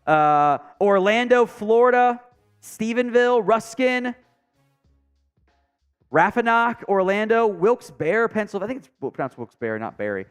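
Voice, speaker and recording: Animated high-pitched male stream host. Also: moderate pace, clean tone, faint music behind. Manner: reads viewer comments aloud, chatty and joking, trails off into mumbled asides. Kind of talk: casual live stream chat.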